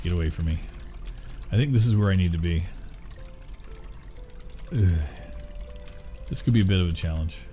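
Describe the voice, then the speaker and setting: A man's voice: low voice, normal speed, pauses often, dark tone, faint music behind. Rambling, profane middle-aged man. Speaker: gaming streamer. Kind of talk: casual chat while gaming.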